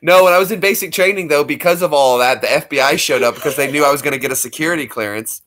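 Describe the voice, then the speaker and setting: A man's voice: fairly high pitch, fast, fairly bright tone. A man in his thirties, co-hosting a casual stream and telling stories in a joking way, laughing often. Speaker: livestream co-host. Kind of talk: casual storytelling chat.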